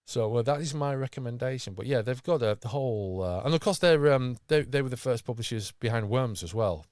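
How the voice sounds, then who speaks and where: A man's voice: mid-range voice, expressive, a little fast, a little mellow, no echo, studio quality. A man hosting a podcast, talking with enthusiasm and rambling through fillers and restarts. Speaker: podcast host. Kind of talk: casual podcast chat.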